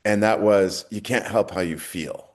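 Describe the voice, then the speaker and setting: Reflective middle-aged man, low voice. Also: measured pace. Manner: earnest, reflective storyteller. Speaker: podcast guest. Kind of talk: casual interview talk.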